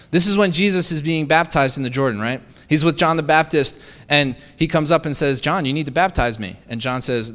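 A man's voice: fairly high pitch, brisk, fairly bright tone, in a large hall. A man preaching a sermon in a conversational way, often asking the listeners questions. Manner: conversational, asks the congregation rhetorical questions with frequent "right?".

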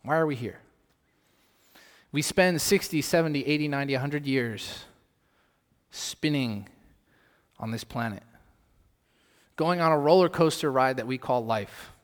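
Brief: male pastor preaching, mid-pitched voice, dynamic delivery, long hall reverb. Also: a little slow, long pauses. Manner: rhetorical questions, swings from loud emphasis to soft. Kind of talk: sermon.

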